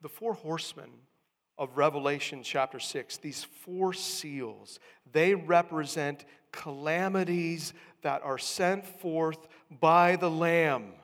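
A male pastor delivers a sermon, explaining step by step and pressing hard on key words. His voice sits a little high for a man. It rings out with the long reverb of a church hall. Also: slow, fairly bright tone. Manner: teaching, building emphasis on key words.

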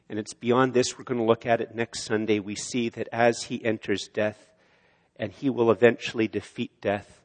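A man preaching a sermon in a church, swelling loud on key lines and dropping low and quiet on others. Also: steady tone, moderate pace. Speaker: pastor. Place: church sanctuary. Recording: long hall reverb of a church.

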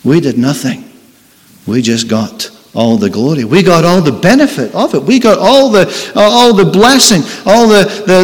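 A man preaching a sermon, earnest and emphatic, repeating his key phrases. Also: high-pitched. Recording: long reverb in a large hall.

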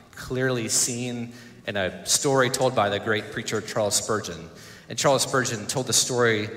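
A male pastor preaching a sermon in an earnest way, pausing and repeating words as he goes. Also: mid-range voice, bright, forceful tone. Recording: echoey church hall.

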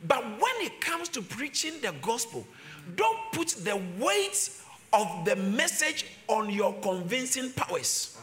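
A man preaching a sermon, shifting from quick low talk to loud shouted emphasis and repeating phrases. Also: big pitch swings.

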